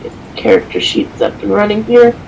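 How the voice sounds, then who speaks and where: A dungeon master chatting casually while setting up a tabletop game over voice chat, halting with ums and laughing often. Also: medium pitch, huge pitch swings, vocal fry, a little mellow, slight background noise, poor audio. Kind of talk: casual setup talk before a tabletop game.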